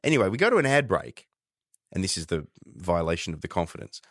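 An Australian man with a deep voice and lively, rising and falling intonation co-hosts a political podcast. He tells stories with animated energy. The recording is dry and close. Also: quick pace, no echo. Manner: animated storytelling. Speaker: podcast co-host. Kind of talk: casual political chat.

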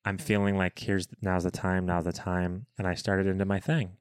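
A young adult man co-hosting a podcast, telling a personal story in casual chat and bursting into high-pitched voices when he quotes people. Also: moderate pace, clear, resonant tone, no room sound, studio quality. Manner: animated retelling with high-pitched acted quotes. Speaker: podcast co-host.

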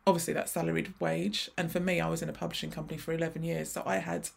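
A woman's voice: low voice, flat delivery, racing, creaky, breathy edge. A woman in her forties, a chatty interview guest who laughs often and restarts her sentences. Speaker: guest, freelance graphic designer. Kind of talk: casual interview chat.

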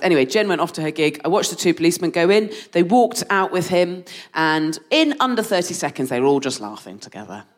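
A woman telling a funny anecdote live on stage, her pitch swooping up and down with lively energy. She laughs through her own story, plays it for comic effect, and keeps a chatty pace. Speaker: podcast co-host.

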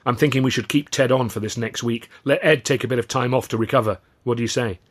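A man voicing a kindly, sympathetic young male comedian in a story reading, confiding and gentle. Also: medium pitch, steady tone, quick pace, breathy edge, lightly acted. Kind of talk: storybook character voice.

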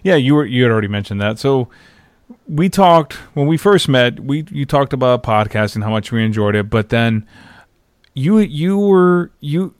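Man, podcast host. Relaxed, rambling interviewer. Dry, close sound. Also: medium pitch, moderate pace, no echo. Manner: easygoing, rambling, laughs often. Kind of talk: casual interview.

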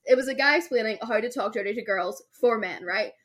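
Young woman, higher-pitched, podcast co-host; animated storyteller who acts out quotes. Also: a little fast. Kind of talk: casual chat.

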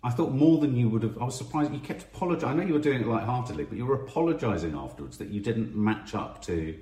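A middle-aged man, talking candidly as a podcast co-host and often restarting his sentences. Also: mid-range voice. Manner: halting, restarting, animated. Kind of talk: candid conversational chat. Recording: echoey room, off-mic.

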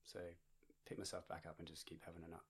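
Low-voiced West Country English man. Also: fast talker, slightly rough. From England. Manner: relaxed, chatty, laughs often. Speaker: podcast guest. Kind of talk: casual interview chat.

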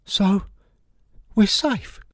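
A man voicing an excitable elderly football fan who shouts and pleads in high bursts. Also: drawn-out words, no echo, studio quality. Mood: excited.

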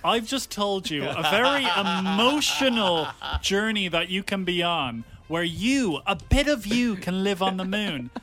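A man's voice: sits high, animated, a little slow, hardly any pauses, pushed and bright. A man co-hosting a radio show, playful and teasing in casual chat.

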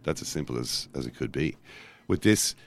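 Very deep-voiced rambling man. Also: moderate pace, dry recording. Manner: rambling, self-interrupting, animated asides. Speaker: podcast co-host. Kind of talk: casual football chat.

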